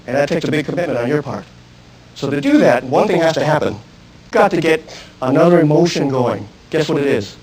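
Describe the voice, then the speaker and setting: A man's voice: high voice, low-quality recording. A man teaching a self-defense seminar to a live audience, speaking intensely and directly and firing questions at the listeners. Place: room with an audience. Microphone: archive video recording.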